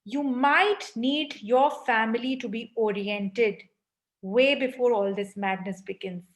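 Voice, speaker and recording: A woman parenting coach giving a live online workshop, emphatic and often asking "right?". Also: a little high. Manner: emphatic, frequent rhetorical "right?".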